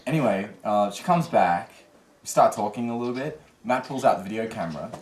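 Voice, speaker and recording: Here a travel vlogger with a fairly low voice talks fairly quickly through a casual story of a trip mishap. He animatedly voices what others said, in an echoey recording with faint noise.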